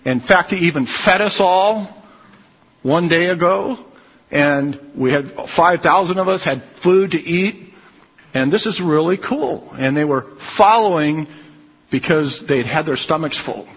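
A man's voice: fairly high pitch, lively intonation, a little slow, fairly bright tone, breathy edge, long reverb tail, muffled recording. A man preaching a sermon, emphatic and repeating his key phrases.

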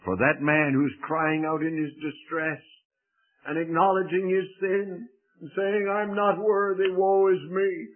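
A man voicing a calm, kindly male seraph as he tells a story. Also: high-pitched, measured pace. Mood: assured. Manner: storytelling, dramatic. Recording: tinny phone-like radio broadcast.

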